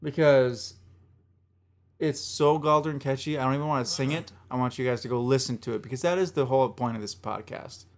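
A man's voice: mid-range voice, fairly quick. A man hosting a music podcast, chatting casually and enthusiastically about songs, often rambling and repeating himself. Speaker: podcast host reviewing albums.

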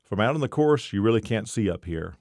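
A man's voice: lowish voice, animated, a little fast, a little mellow, dry recording, clean studio sound. A man reading the lines of a scheming bartender in his forties, conspiratorial and hesitant.

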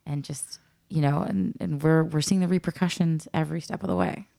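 A woman's voice: low-pitched, steady tone, brisk, vocal fry, warm tone, dry recording, studio quality. A woman and adoptive parent in a casual podcast chat, reacting sympathetically and sharing her own family's experience. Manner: sympathetic listener with short reactions.

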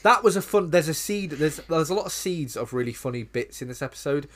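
A man co-hosting a podcast, chatting casually about a sitcom and breaking into mocking high voices. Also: animated, brisk, fairly bright tone. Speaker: podcast co-host. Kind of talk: casual chat.

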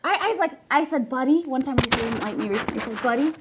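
A woman in her thirties with a somewhat high voice, sounding worn out. She rambles through profane, comic stories and acts out the quotes as she goes. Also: animated, fast talker, a little hiss or hum, rough recording. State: tired. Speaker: podcast guest. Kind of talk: casual comedic chat.

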